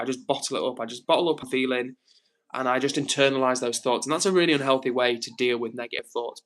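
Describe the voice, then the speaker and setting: A man hosting a laid-back live stream from a home setup, reading viewer comments aloud. His voice sits at an ordinary middle pitch, and he talks in an easygoing, gentle and reassuring way. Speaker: livestream host reading chat. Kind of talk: casual live-stream chat.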